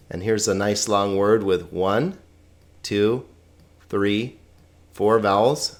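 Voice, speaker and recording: A man's voice: lowish voice, lively intonation, unhurried. A man teaching pronunciation, patiently sounding out words syllable by syllable and repeating them. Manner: patient, explanatory. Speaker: Greek teacher. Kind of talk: slow pronunciation lesson.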